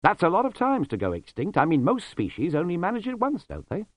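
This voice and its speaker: A man's voice: sits high, wildly swooping pitch, a little fast, dry recording, pitched above the performer's own voice, full character voice. A man voicing an earnest, easily flustered young male monk in a storybook reading, speaking in a raised, incredulous voice.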